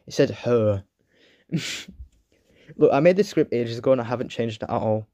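A man reads his own review script in a flat, bored way, with a sore throat. He often trails off mid-sentence, stumbles, and starts again. His voice is mid-pitched, close and very dry, with no room sound. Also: unhurried, no room sound. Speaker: video reviewer.

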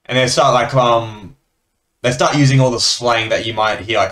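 A man's voice: mid-range voice, fairly even intonation, moderate pace, fairly bright tone. An Australian man chatting casually and laughing between remarks as he comments on a card game he is playing.

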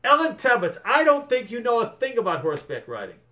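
A man's voice: sits high, animated, brisk. A man voicing a bold young girl rider who is bossy and teasing. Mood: scolding.

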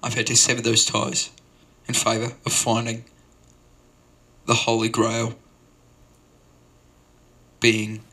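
A man's voice: mid-range voice, bright, forceful tone. A man telling a rambling, absurd open-mic story in mock-earnest tones, drifting from tangent to tangent. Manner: stumbling sign-off full of fillers. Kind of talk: improvised comic monologue.

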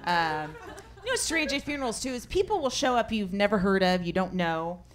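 A middle-aged woman performing a stand-up comedy set, deadpan and punchy, building to loud exasperated outbursts. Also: medium pitch, moderate pace. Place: comedy stage before a laughing audience. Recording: live audience laughter throughout.

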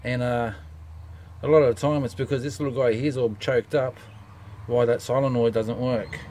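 A DIY car mechanic talks through a repair step by step in a relaxed, casual way, using many "uh" fillers. His mid-range voice moves at normal speed and gets quieter while his hands are busy, and the poor-quality audio carries slight background noise.

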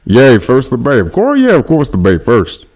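A young man from Northern California, hosting a casual phone livestream with a voice his viewers single out. He jokes loosely and reads out comments and shout-outs. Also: medium pitch, wildly swooping pitch, moderate pace. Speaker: livestream host. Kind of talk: casual livestream chat reading comments aloud.

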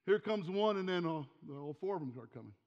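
A man in his forties with a high voice preaches emphatically, repeating words for stress and then falling quiet and close. The recording is dull and lo-fi, and the long reverb of a church hall trails his phrases. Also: lively intonation, a little fast. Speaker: pastor. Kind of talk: sermon. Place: church sanctuary.

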